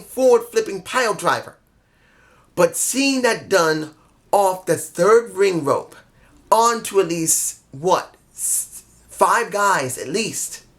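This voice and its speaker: A tired vlogger recapping a wrestling show to camera, blunt and emphatic, swearing freely. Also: mid-range voice.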